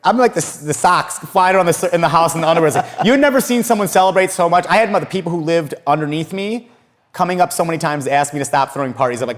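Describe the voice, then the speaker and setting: Young male interview guest, fairly high voice, animated swearing storyteller. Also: fast talker. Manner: animated, profane, laughs often, acts out quotes. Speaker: podcast guest, entrepreneur.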